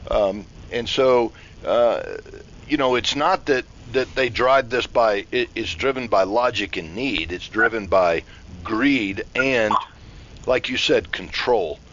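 A man's voice: medium pitch, a bit bright. A man hosting a call-in radio show, talking in a hesitant way full of fillers. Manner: hesitant, filler-heavy, slow. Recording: dull lo-fi broadcast audio.

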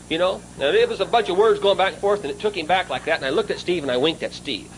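A man preaching through a long personal anecdote, lively and conversational, turning to address a friend mid-story. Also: sits high, fast, few pauses, a little hiss or hum, poor audio. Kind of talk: storytelling sermon.

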